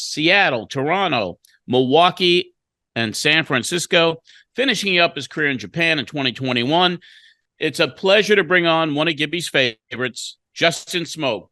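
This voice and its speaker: Bright, upbeat male co-host. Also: on the high side, dry recording. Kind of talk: show segment introductions.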